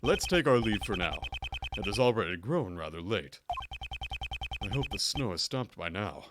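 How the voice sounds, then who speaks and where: A man reading a calm, composed investigator. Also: fairly low pitch, moderate pace, loud music behind the voice.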